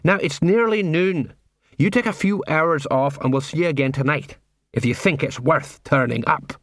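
A man's voice: fairly high pitch, normal speed, no echo, studio quality, natural voice. A man voicing a weary, put-upon older male watch sergeant who hesitates and grumbles. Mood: grumbling.

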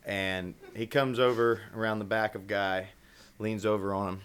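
A man's voice: lowish voice, steady tone, moderate pace, fairly bright tone, clear, resonant tone. A man telling stories in a loose, casual podcast chat, swearing freely. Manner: laid-back storyteller, swears freely. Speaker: podcast guest.

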